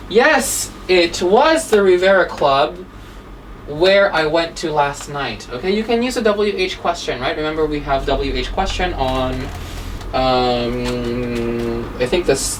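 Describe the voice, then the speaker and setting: A woman's voice: low-pitched, far from the mic, poor audio. Brief: female English teacher mid-lesson, chatty tag questions, mic set back from her with faint room hum. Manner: checks in constantly with "okay?" and "right?". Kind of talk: grammar lesson, explaining.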